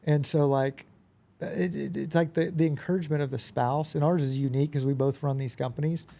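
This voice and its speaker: A man who is a podcast guest, telling animated anecdotes in a casual conversation and often acting out quoted dialogue. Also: on the high side, brisk, creaky. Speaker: podcast guest, business owner.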